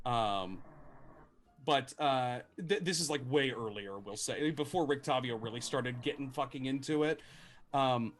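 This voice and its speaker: A man's voice: medium pitch, a little slow. A man narrating as game master of a tabletop game, rambling with many fillers and restarts and casual swearing.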